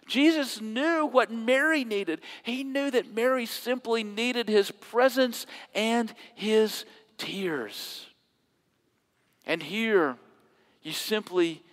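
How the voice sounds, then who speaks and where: A man preaching a sermon, emphatic and given to repeating key phrases, at times dropping to soft, intimate tones. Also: high-pitched. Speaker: pastor. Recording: long hall reverb.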